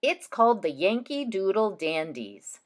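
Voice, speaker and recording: A woman's voice: medium pitch, big pitch swings, a little slow. A woman reading aloud the lines of a kindly older female neighbor in a children's storybook, in a reassuring, emphatic way.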